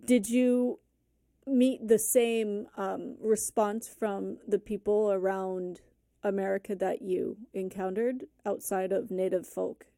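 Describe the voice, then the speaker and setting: A woman hosting a podcast, asking questions and reasoning aloud in a thoughtful, measured way. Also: medium pitch, fairly even intonation, mellow, no room sound, studio quality. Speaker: podcast host. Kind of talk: conversational interview.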